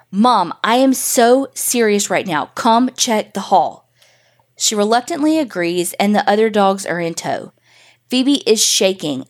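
A woman reading a listener's ghost story aloud with casual, swear-laden energy. Her voice sits in a middle pitch, and she tells the story in the first person, animated and loose.

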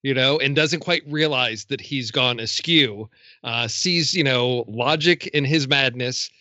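A man's voice: mid-range voice, unhurried, bright, forceful tone, dry recording, highs cut off. A man in casual film talk, enthusiastic and full of "you know". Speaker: film podcast panelist.

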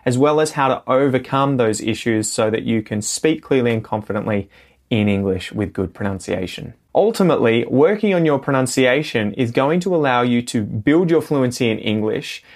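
An Australian man co-hosting an English-learning podcast, explaining pronunciation tips in a clear, steady way. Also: mid-range voice, normal speed. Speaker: podcast co-host and English teacher. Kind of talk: podcast lesson talk.

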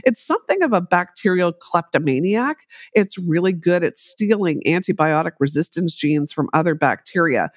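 A middle-aged woman, an epidemiologist, telling her story in a podcast interview with animated delivery and acted-out quotes. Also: lowish voice, moderate pace, hardly any pauses, dry recording, clean studio sound. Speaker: guest, infectious disease epidemiologist.

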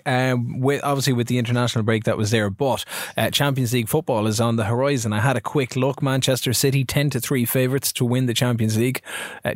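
A man co-hosting a podcast in casual chat, steady and teasing as he leads the segments. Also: mid-range voice, dry recording, studio quality. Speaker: podcast co-host.

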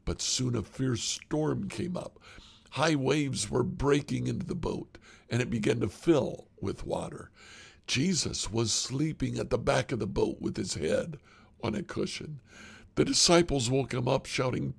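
Gravelly-voiced man reading scripture. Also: medium pitch, lively intonation, normal speed. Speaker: scripture reader. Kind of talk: Bible reading.

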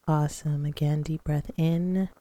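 A woman hosting a podcast who leads slow, calm breathing exercises and guided affirmations in a soothing manner. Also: low voice. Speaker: podcast host.

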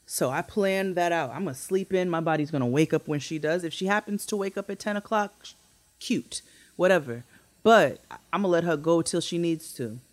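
Animated storytelling woman, dry close mic. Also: a little fast, dry recording. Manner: animated, swearing, acts out quotes with big pitch jumps. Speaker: podcast co-host. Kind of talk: casual storytelling chat.

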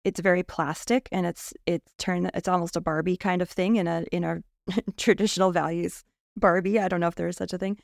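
A woman's voice: on the low side, little pitch movement, brisk, creaky, no echo, clean studio sound. A woman on a casual panel podcast, thoughtful and laughing lightly between her points.

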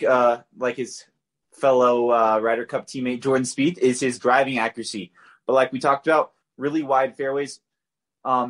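A man co-hosting a podcast, giving golf betting picks in a loose, conversational way with fillers and restarts. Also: mid-range voice. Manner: conversational, loose, filler-heavy, self-correcting. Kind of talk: casual betting picks talk.

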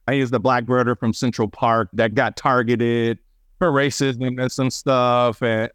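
A man telling stories as a birding guest on a radio chat show, animated and excitable, with lots of fillers. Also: medium pitch, dry recording, clean studio sound. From Wisconsin, USA.

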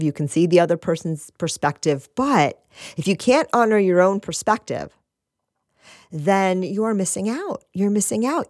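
A woman with a lowish voice gives a gentle, reflective spiritual talk. She repeats her phrases and checks in with her listeners. The sound is close and dry. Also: no room sound. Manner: gentle, repeats phrases, laughs softly, asks "right?".

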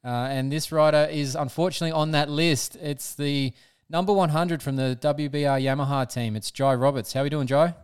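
A man's voice: on the high side, fairly even intonation, brisk, clean tone, no echo, studio quality. An Australian man hosting a motorsport podcast, blunt and casual, laughing often and swearing freely. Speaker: podcast host.

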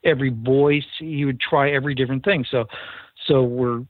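A man's voice: medium pitch, steady tone, moderate pace, no room sound. A man, a recording engineer, telling a studio anecdote in an interview and acting out the quoted dialogue. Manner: earnest storyteller who acts out quoted dialogue. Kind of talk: storytelling in an interview. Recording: tinny phone line, dry.

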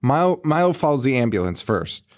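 A man's voice: medium pitch, very animated, fairly quick, no room sound. A man co-hosting a podcast in a loose, profane chat about a movie. He laughs often and jumps into the characters' lines. His voice sits in a middle register and sounds dry and close. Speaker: podcast co-host. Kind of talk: casual chat recapping a movie.

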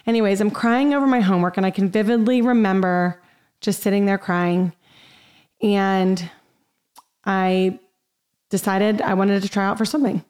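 A woman's voice: medium pitch, steady tone, normal speed, pauses often, a little mellow. A young woman hosting a podcast, telling a personal story in an upbeat, chatty way with many fillers. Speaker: podcast host.

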